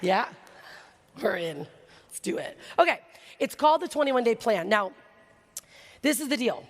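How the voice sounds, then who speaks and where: Woman, energetic stage talk, excitable, frequent asides, reverberant hall. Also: a little high, slight background noise. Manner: excitable, laughs often, rapid asides. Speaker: keynote speaker.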